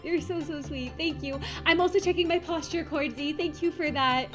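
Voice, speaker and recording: A woman VTuber streamer chatting casually on a live stream, gushing and excitedly thanking her chat. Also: high voice, moderate pace, over music.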